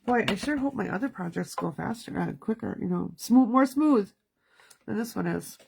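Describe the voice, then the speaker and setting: A woman in her thirties chats and talks to herself while crafting on a casual card-making livestream from her home studio. Her medium-pitched voice is animated, creaky, a little mellow and slightly rough, at a moderate pace.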